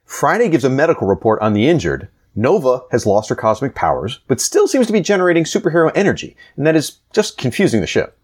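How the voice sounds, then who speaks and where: A man's voice: mid-range voice, very animated, quick pace, hardly any pauses, husky. A man co-hosting a casual comic podcast, joking and self-deprecating as he recaps. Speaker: podcast co-host.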